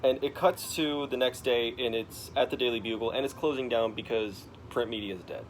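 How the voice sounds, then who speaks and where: A young man walks his father through a comic book plot. He talks casually in an average-pitched voice, halting and restarting often, with a faint hiss of noise behind him. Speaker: son explaining a comic to his dad. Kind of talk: casual storytelling.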